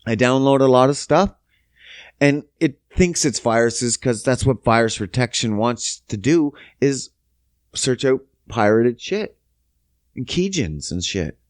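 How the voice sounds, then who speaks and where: Animated, swearing man ranting on a podcast. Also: medium pitch, unhurried, dry recording, studio quality. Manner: animated, profane storytelling with acted-out quotes. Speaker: podcast host. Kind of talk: casual solo podcast rant.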